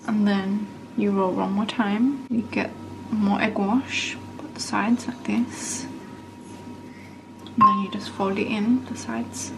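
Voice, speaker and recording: A woman's voice: mid-range voice, fairly even intonation, takes it slowly, vocal fry, noisy background. A young woman giving brief, laid-back explanations while cooking in a home kitchen. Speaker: cooking vlogger. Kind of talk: casual cooking chat.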